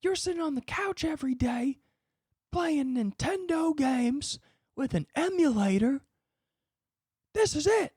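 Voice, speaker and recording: Man doing a screaming football coach, high and furious. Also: expressive, a little slow, pauses often, no echo, studio quality. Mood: yelling, berating. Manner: shouting, berating, drill-sergeant harangue. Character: furious male football coach yelling at a player.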